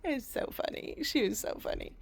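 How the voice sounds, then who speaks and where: A woman vlogger casually telling a fond family story, rambling and correcting herself as she goes. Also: moderate pace.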